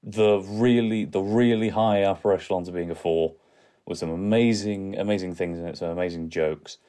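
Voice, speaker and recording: Guy cohosting a podcast, really low voice, mellow and easygoing. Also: fairly even intonation, moderate pace. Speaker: podcast co-host. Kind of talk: casual chat.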